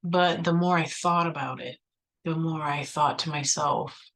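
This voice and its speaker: A woman's voice: low-pitched, measured pace, a bit bright, rough recording. A woman vlogger telling a personal story in a chatty way, full of "like" and "you know," acting out her own past replies.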